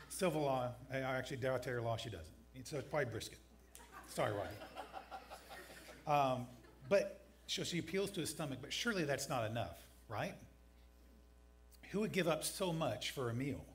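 A man preaches to a congregation in a relaxed, conversational way. His voice sits in a middle pitch, and he slips dry jokes between scripture readings. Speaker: pastor. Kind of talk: sermon. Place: church sanctuary.

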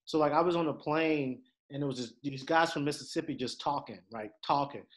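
A young man from Detroit, a podcast guest talking in a casual, animated way. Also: a little high, a little fast. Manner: animated, swings into loud laughing impressions. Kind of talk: casual conversation.

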